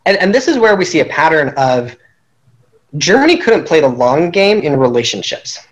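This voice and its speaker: A man's voice: a little high, big pitch swings, moderate pace, muffled recording. A man casually recapping a strategy game he played, telling it animatedly and laughing at his own schemes.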